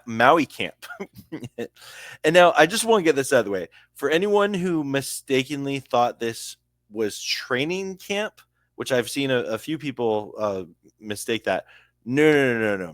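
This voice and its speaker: A young Canadian-accented man talks through a sports news article in a loose, chatty way, tripping over place names and adding asides. His pitch sits in a middle range. The sound is dry and close to the mic. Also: fairly bright tone, dry recording. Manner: chatty, laughs at own slips, stumbles over names. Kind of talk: casual commentary reading an article aloud.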